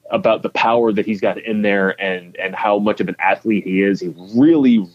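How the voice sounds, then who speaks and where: Casual male podcast co-host, lowish voice, rambling delivery, muffled lo-fi sound. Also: a little mellow. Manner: rambling, many restarts and fillers. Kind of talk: casual sports chat.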